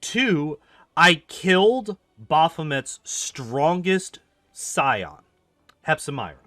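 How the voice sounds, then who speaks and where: This young man's voice sits on the high side and moves very slowly as he streams a game, ranting with animation, cursing often and leaning on "like." The studio sound is clean with no room sound.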